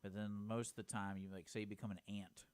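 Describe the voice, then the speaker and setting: A man co-hosts a radio talk show, teasing and joking in loose casual chat. His voice is fairly low, and his talk is full of fillers. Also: level tone, fast talker, darkish tone.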